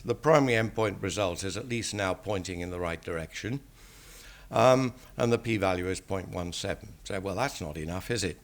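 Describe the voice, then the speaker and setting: An older English man, a statistician, giving an academic lecture in a measured, dryly wry manner. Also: lowish voice.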